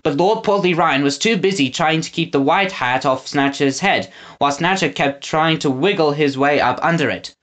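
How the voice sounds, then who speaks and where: A man narrating a children's audiobook with an expressive reading. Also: on the high side, normal speed, few pauses. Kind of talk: storybook narration.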